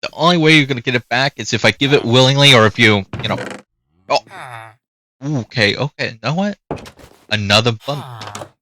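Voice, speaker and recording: A man's voice: mid-range voice, moderate pace, pauses often, sharp tone, a little hiss or hum. A man giving casual gameplay commentary, chatting away and talking to the animals in his game. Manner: chatty, talks to the game's animals. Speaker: gaming youtuber.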